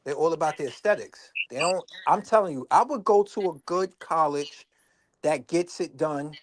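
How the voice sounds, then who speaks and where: A man from New Jersey co-hosting a casual talk show, laid-back and quick to defend himself in the banter. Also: fairly high pitch, slight background noise. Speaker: podcast co-host. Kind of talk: casual comedic chat.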